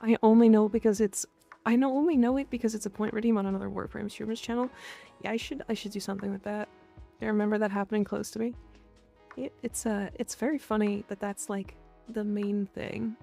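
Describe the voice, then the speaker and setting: A young woman chats with her stream viewers in a playful, easygoing way. Her voice has a gravelly fry and a mellow, warm tone. Soft music plays quietly behind her. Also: medium pitch, steady tone, brisk. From Canada. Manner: playful, reads chat aloud and answers it, growls "rawr" at viewers. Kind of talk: casual live-stream chat.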